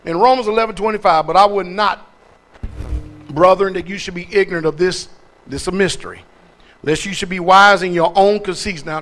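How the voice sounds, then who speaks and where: A pastor with a high, slightly bright male voice and some vocal fry preaches a sermon from the pulpit. He fires questions at the congregation in call-and-response style, hammering single words over and over for emphasis.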